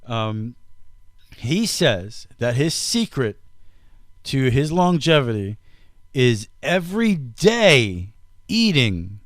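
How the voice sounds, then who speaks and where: A man's voice: mid-range voice, very animated, slow pace, pauses often, dry recording, clean studio sound. A man hosting a casual comedy podcast, teasing his co-host and stringing out a story to build up the punchline.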